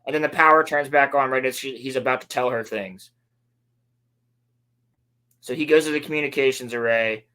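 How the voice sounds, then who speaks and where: A man co-hosting a casual podcast, recapping a show sarcastically and mocking the characters in quick put-on lines. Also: medium pitch, steady tone, bright, forceful tone, smooth. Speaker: podcast co-host.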